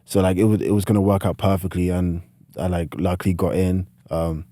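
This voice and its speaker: Speaking briskly in a level, warm tone, this low-voiced British guest, a late-teen student athlete, rambles through casual podcast interview stories, packing in "like" fillers. His accent leans partly American. The sound is clean studio quality with no room sound.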